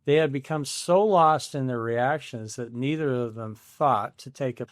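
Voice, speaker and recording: A man's voice: medium pitch, a little slow, no echo, clean studio sound. A man in his seventies hosting a solo podcast, telling a family story in a wry, self-deprecating scripted style. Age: 70s.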